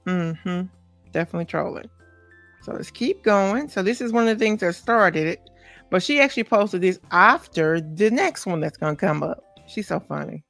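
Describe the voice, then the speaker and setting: A woman's voice: on the low side, animated, normal speed, vocal fry, fairly bright tone, soft background music. A woman hosting a celebrity gossip podcast in casual chat, talking straight to her viewers with many asides. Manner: chatty, talks straight to viewers, many asides and "okay?" tags. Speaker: podcast host.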